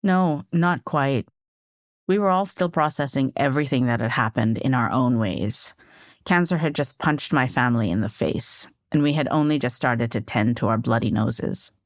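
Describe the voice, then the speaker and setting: A woman's voice: very deep voice, moderate pace, dry recording, clean studio sound. A woman in her forties narrating her family's story as a podcast host, candid and reflective.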